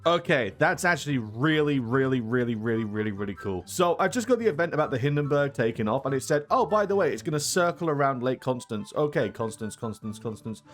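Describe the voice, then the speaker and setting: A young man giving casual gameplay commentary, excitable, laughing often and tripping over repeated words. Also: medium pitch, a little fast, hardly any pauses. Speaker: gaming YouTuber.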